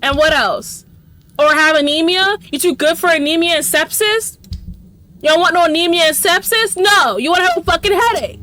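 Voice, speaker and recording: High, bright-voiced ranting woman gamer. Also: normal speed. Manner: profane, ranting and sarcastic; talks to the game characters. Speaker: let's play host. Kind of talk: gameplay commentary.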